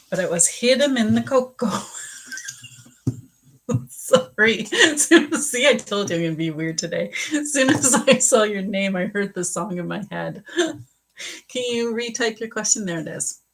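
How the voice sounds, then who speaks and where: A woman's voice: on the low side, animated, moderate pace, low-quality recording. A woman psychic medium giving chatty live readings to viewers, teary and emotional at times. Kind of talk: casual live-stream reading.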